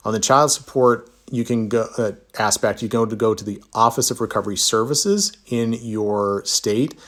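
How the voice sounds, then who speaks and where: Speaking at normal speed, this man has a medium-pitched voice with a fairly bright tone. A Utah divorce attorney, he reads viewer comments aloud during a casual live Q&A and answers with laid-back, self-mocking humor.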